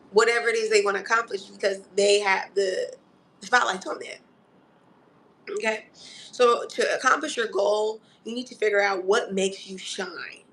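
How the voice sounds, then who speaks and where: A woman's voice: medium pitch, steady tone, normal speed, a bit bright. A woman giving a casual spoken astrology reading who coaches the listener and keeps checking in with "okay?", calling them honey and darling. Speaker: astrology reader.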